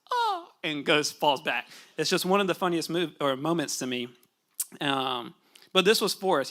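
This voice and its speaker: A young man giving a casual, conversational sermon in a church, relaxed and chatty, with fillers and asides to the congregation. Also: fairly high pitch. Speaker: pastor. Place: church sanctuary.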